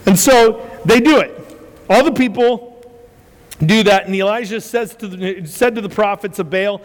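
A man preaching a sermon with animated storytelling, acting out quotes and laughing often as he goes. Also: high-pitched, moderate pace. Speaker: pastor. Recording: reverberant hall.

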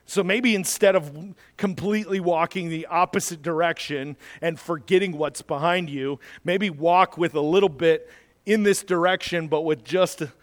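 High-voiced pastor preaching in a reverberant hall. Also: male voice. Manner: conversational preaching, rising to urgent exhortation. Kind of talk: sermon.

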